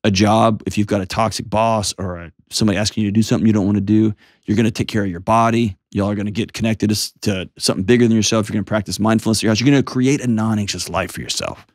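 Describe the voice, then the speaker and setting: A man's voice: on the low side, steady tone, racing, dry recording, studio quality. A man hosting a call-in advice show, coaching a caller in a direct, earnest way. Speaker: host giving advice.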